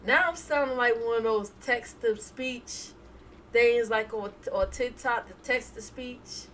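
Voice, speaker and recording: A woman's voice: fairly high pitch, a little slow, fairly bright tone, recorded from a distance, a little hiss or hum, rough recording. A woman hosting a casual live stream, chatting and laughing as she reads viewer emotes aloud. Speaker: reaction streamer.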